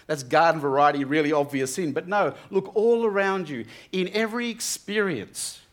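A man's voice: fairly high pitch, normal speed. A young man giving an earnest, conversational Bible talk to students, often restarting his sentences. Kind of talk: sermon.

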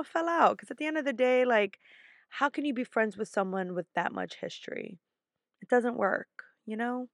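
A woman's voice: medium pitch, no echo, studio quality. A woman hosting a podcast, telling a personal story in a casual, candid way, swearing freely and laughing often. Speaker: podcast host.

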